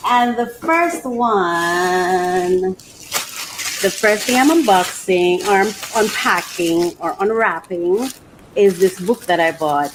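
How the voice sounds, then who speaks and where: A woman life coach hosting a casual unboxing vlog, talking in a gushing, animated way and laughing often. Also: medium pitch, noisy background.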